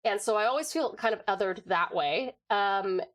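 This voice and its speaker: A woman's voice: mid-range voice, normal speed. An American woman in casual chat on a livestream from home, rambling and laughing often as she answers chat. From United States.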